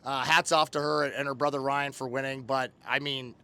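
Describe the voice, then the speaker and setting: A man's voice: medium pitch, level tone, brisk, sharp tone. A man in his thirties hosting a casual recap show, animatedly retelling a story and acting out quotes. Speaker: host.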